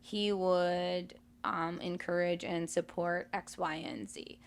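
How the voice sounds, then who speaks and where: A woman's voice: fairly low pitch, steady tone, slow pace. A woman in her thirties co-hosting a casual podcast, telling her story in a reflective, open way. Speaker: podcast co-host.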